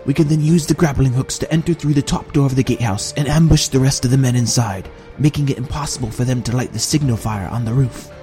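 A man's voice: medium pitch, fast, hardly any pauses, warm tone, faint music behind, close to an everyday voice. A male narrator voicing a stern male general who gives clipped, urgent orders. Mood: planning.

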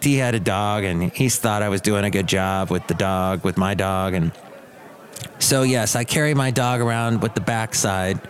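Rambling wry male podcast host. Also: mid-range voice. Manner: wry, self-deprecating, puts on quick silly voices. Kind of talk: rambling solo podcast monologue. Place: Bay Area.

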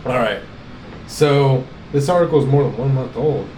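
A man's voice: mid-range voice, moderate pace, warm tone. A man hosting a podcast, chatting casually, crude and joking while reading news stories aloud. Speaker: podcast host. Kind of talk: casual chat. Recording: echoey room, faint background noise.

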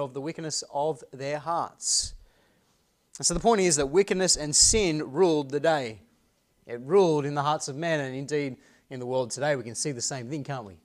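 Earnest male pastor preaching a sermon. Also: fairly high pitch. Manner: earnest preaching, asks the congregation rhetorical questions; reads scripture aloud slowly and deliberately.

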